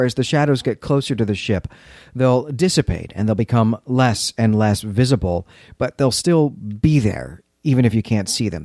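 A man's voice: mid-range voice, a little mellow, no room sound, studio quality. A man co-hosting a podcast, casually retelling a story's plot and breaking in with his own commentary. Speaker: podcast co-host. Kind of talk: casual literary discussion.

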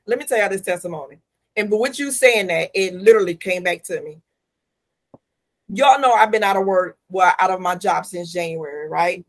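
A woman telling a church testimony in an animated way, calling her listeners y'all and acting out both sides of the conversation. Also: on the low side, normal speed. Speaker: podcast co-host.

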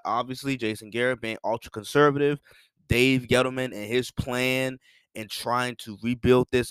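A man's voice: mid-range voice, fairly bright tone, smooth, no echo, studio quality. A young man giving a casual, rambling sports opinion monologue, repeating himself for emphasis. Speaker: sports commentator.

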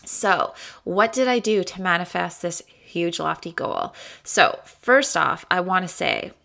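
A woman's voice: on the low side, lively intonation, a little slow, vocal fry, sharp tone. A woman hosting her own podcast in a casual, candid and chatty way, swearing freely and laughing often. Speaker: podcast host. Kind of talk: casual solo podcast talk.

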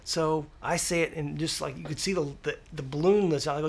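A podcast guest tells stories in casual interview chat, acting out little quoted exchanges with lots of restarts. His voice runs on the high side and creaky, and he talks fast with hardly any pauses.

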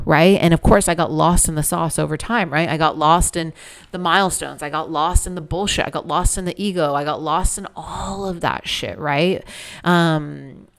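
A woman with a low voice and a gravelly fry runs through a solo podcast episode in a loose, confessional way. She swears freely and leans on fillers as she talks. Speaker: podcast host, business coach. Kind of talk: casual solo podcast monologue.

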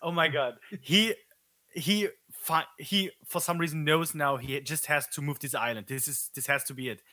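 A man co-hosting a podcast, excitedly retelling movie scenes in casual chat. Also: a little high, moderate pace, dry recording. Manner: excitable, full of fillers and restarts. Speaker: podcast co-host.

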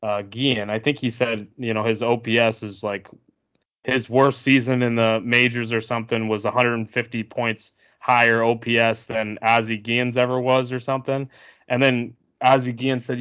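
A man's voice: medium pitch, flat delivery, moderate pace, a bit bright. Rambling man in casual sports talk. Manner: rambling, many fillers and restarts. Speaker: podcast co-host.

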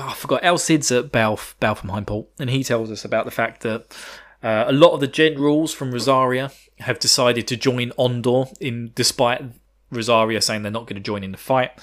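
A man's voice: mid-range voice, fairly bright tone. A man hosting a podcast, recapping a video game in casual, irreverent chat with swearing and chuckling asides. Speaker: podcast host.

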